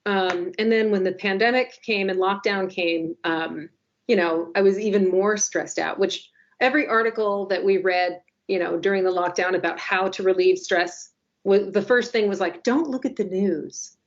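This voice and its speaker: A woman in her forties chats on a podcast, telling a story in a wry, self-mocking way full of quick asides. Her voice sits in a middle pitch. The audio is a little dull and lo-fi. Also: steady tone. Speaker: newspaper podcast co-host. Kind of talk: casual podcast chat.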